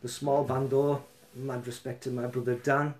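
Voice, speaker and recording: A man, a musician, talking in a rambling, chatty way with quick asides. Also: mid-range voice, level tone, a little mellow. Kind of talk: casual chat and singing with guitar.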